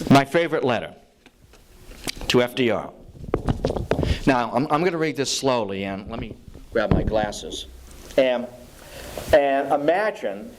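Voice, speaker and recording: A man giving a lively public talk on history to a live audience, joking with the room and acting out quotes as he tells stories. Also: mid-range voice, slight background noise. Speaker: lecturer on presidential history.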